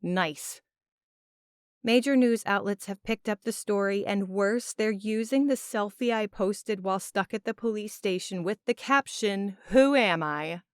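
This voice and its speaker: A woman narrating a first-person audiobook with expressive, emotional delivery. Her voice is smooth and clear at a medium pitch. The recording is dry and close, with no room sound. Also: unhurried, no echo.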